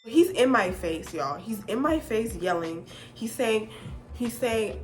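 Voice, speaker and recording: A woman vlogger telling a dramatic personal story in an animated, expressive, casual way, swearing often. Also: fairly high pitch, slow, over music. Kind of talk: storytime vlog.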